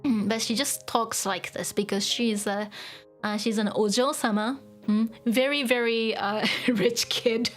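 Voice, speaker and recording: Woman, language teacher, casual lesson, chatty with fillers and laughs, faint background music. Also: mid-range voice. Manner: chatty, mixes Japanese and English, frequent fillers and little laughs.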